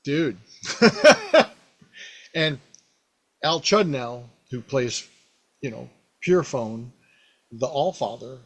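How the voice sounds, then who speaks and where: A man hosting a podcast, casually recounting a tabletop game he ran, rambling and animated with many fillers. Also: mid-range voice, slow, long pauses. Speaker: podcast host, game master. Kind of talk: casual storytelling about a past game.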